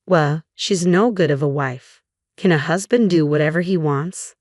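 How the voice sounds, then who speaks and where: A man's voice: a little high, normal speed, no echo, studio quality, natural voice. A woman reading the part of an arrogant, sexist middle-aged husband who talks down to others. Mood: defensive. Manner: dismissive, condescending.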